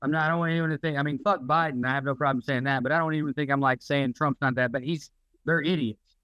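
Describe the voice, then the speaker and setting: A man's voice: a little high, steady tone, fast, bright, forceful tone, clear, resonant tone, no room sound, low-quality recording. A man co-hosting a podcast, ranting in casual, profane chat. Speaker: podcast co-host.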